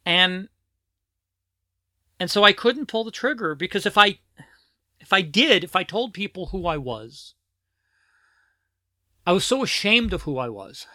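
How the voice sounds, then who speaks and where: In a fairly low, bright, forceful voice with studio quality and no room sound, a middle-aged transgender woman co-hosts a podcast. She chats casually and ramblingly, interrupting herself, restarting sentences, and dissolving into giggles.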